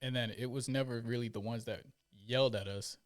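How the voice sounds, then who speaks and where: A man's voice: medium pitch, fairly even intonation, fairly quick. A man telling stories in casual podcast chat, acting out the voices of the people he quotes. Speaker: podcast guest, former Marine.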